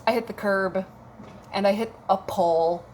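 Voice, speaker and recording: A woman's voice: mid-range voice, normal speed, a little mellow. A woman in her thirties, from Minnesota, tells a casual story on her vlog with a wry, self-mocking manner and plenty of swearing. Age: 30s. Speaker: vlogger.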